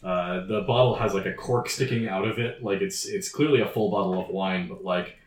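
A man narrating as game master in a casual, halting way, with fillers and frequent chuckles. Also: deep voice, recorded from a distance. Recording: roomy audio from off the mic.

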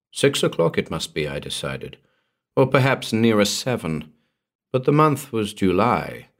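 A man reading a horror story aloud as narrator, in a measured, grave storytelling manner. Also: fairly low pitch.

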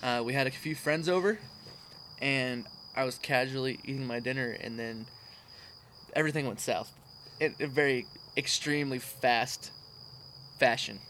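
This is a man hosting a casual talk at an outdoor table at night. His voice is very bright and sharp, and he teases his guest, then turns animated when he tells his own side of the story. Faint crickets chirp behind him. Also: medium pitch, normal speed, pauses often, a little hiss or hum, rough recording. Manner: teasing, animated when retelling. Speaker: podcast host. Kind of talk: casual chat.

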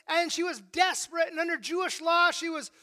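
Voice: extremely high pitch, fairly quick, sharp tone. A preacher delivering a sermon emphatically, often checking in with a rhetorical "right?" and restarting sentences.

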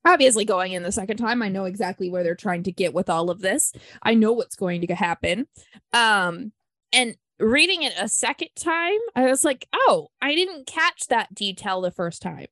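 A woman's voice: medium pitch, lively intonation, normal speed, fairly bright tone, no room sound. A woman hosting a book club podcast, chatting enthusiastically with lots of fillers. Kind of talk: casual book discussion.

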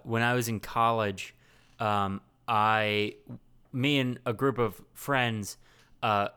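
Clear-voiced joking male podcast host. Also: medium pitch, fairly bright tone. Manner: joking, self-mocking, laughs often. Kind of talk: casual comedy podcast banter.

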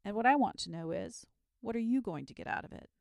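A woman's voice: medium pitch, expressive, fast talker, creaky, a little mellow, dry recording, clean studio sound, voice pushed up. A woman voicing an eager, bold young boy in a children's storybook, speaking forthrightly. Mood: jealous.

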